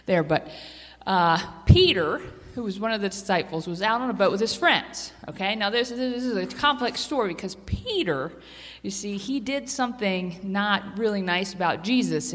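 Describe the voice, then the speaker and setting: A woman giving a children's sermon, chatty and animated, asking the kids questions as she tells a story. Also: medium pitch. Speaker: children's church teacher. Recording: long reverb of a hall.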